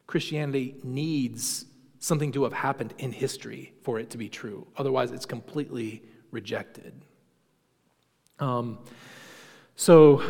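A man's voice: medium pitch, gravelly, a little mellow, big-room sound. A man teaching a Sunday school class in a conversational lecture, often asking the class questions and using many fillers. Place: church classroom.

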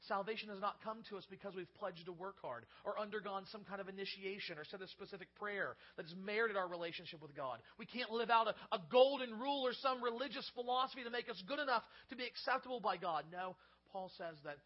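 Male preacher, high-pitched, dynamic from booming to near-whisper, muffled church recording. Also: quick pace, few pauses. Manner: swings from loud emphatic peaks to soft hushed lows; repeats words at starts of phrases. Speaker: pastor. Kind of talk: sermon.

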